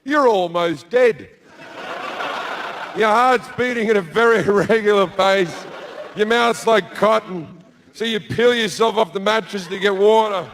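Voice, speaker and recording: A man's voice: high-pitched, unhurried, fairly bright tone, a little hiss or hum. A middle-aged man doing stand-up comedy, telling a crude story bluntly with lots of swearing, on a club stage with a handheld mic. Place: comedy club stage before a live audience.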